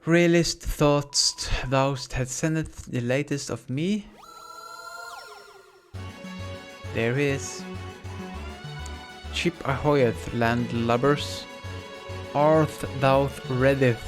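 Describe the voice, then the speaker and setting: A man's voice: mid-range voice, slow pace, natural voice. A streamer voicing a pompous male villain duke who speaks in mock-archaic phrases, with game music behind. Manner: grandiose, mock-old-fashioned speech. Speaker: streamer reading game dialogue.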